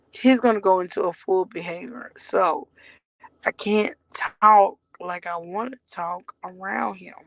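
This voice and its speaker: Gravelly voiced woman in her 40s just talking straight to the camera, blunt and cussing, dry sound. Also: mid-range voice, no echo, rough recording. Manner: blunt, emphatic, swears freely, rambling. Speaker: mother telling her story. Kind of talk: candid direct-to-camera talk.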